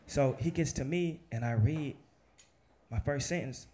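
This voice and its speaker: Animated man telling a story. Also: medium pitch, a little slow, slight background noise. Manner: animated, laughing, casual and profane; acts out other people's lines in lively quoted voices. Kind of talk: live personal storytelling.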